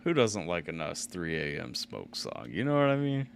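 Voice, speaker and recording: Lively swearing man hosting a stream. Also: sits low, moderate pace, gravelly, loud music behind the voice. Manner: loud, swearing, laughing banter. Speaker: stream host. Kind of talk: live music reaction stream.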